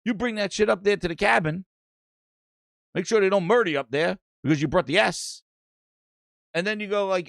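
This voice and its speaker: A man's voice: high-pitched, moderate pace, gravelly, long pauses, no room sound, clean studio sound. A man hosting a gaming podcast, ranting casually with plenty of swearing and reading chat messages aloud. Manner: animated, profane, reads chat aloud. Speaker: podcast host. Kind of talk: casual live-stream rant.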